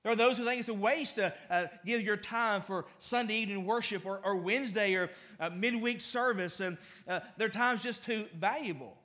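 A man's voice: high-pitched, normal speed, few pauses, sharp tone. A man pastor preaching a conversational sermon in a church, with frequent restarts and fillers. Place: church sanctuary.

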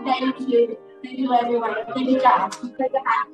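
A woman leading children in prayer at a church Christmas party, animated and repeating her phrases, switching between English and Mandarin. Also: on the high side, normal speed, lo-fi sound, loud music behind the voice. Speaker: children's minister. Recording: echoey hall, voice from far off.

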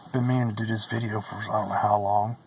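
A man's voice: fairly low pitch, flat delivery, fast, a little hiss or hum, poor audio. A man giving a personal religious testimony, earnest and emotional, who repeats phrases and sometimes drops to a whisper.

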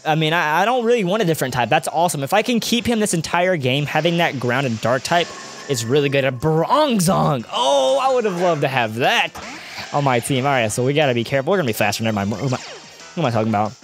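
A man's voice: fairly high pitch, lively intonation, fast, faint music behind. A young man doing let's-play commentary, chatty and rambling, often drifting off on tangents. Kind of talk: video game commentary.

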